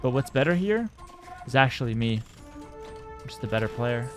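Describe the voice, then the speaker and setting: A man's voice: mid-range voice, fairly quick, music in the background. A young man, streaming and commenting on a game with cocky, joking banter toward his chat. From Canada. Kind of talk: casual live-stream gameplay commentary.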